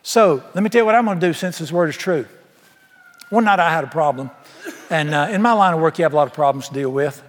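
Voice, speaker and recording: A man's voice: a little high, fast, in a large hall. A man preaching a sermon in a large church, folksy and emphatic, firing rhetorical questions at the congregation. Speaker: pastor.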